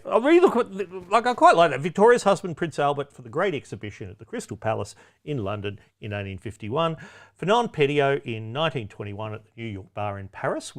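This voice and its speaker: Sardonic quizmaster with a lively voice. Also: male voice, medium pitch. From Australia. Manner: sardonic, with wry, cheeky asides; chatty, with frequent ums and self-corrections. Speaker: quiz host. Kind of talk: pub-quiz hosting.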